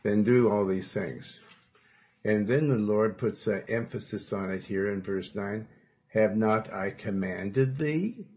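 A man preaching a sermon as pastor, quoting scripture in old-fashioned wording, with sudden loud emphatic bursts. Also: lowish voice, takes it slowly, lo-fi sound.

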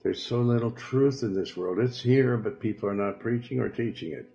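A man preaching as a pastor on a radio program, leading a prayer slowly and deliberately with drawn-out phrases. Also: medium pitch, creaky, warm tone. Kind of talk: radio sermon and altar-call prayer. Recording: echoey, muffled old radio tape.

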